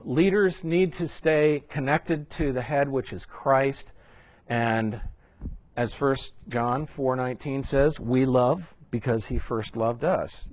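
A man's voice: mid-range voice, dry recording. A man teaching church small group leaders in a conversational way, reading scripture aloud with rising emphasis and slipping in jokey asides.

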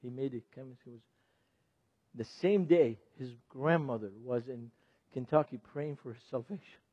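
A middle-aged man, a ministry speaker teaching an audience in a sermon style. He talks in an animated way, laughs often and puts questions to the audience. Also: medium pitch, normal speed, husky, no room sound. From Lebanon. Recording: dull, dry lo-fi recording.

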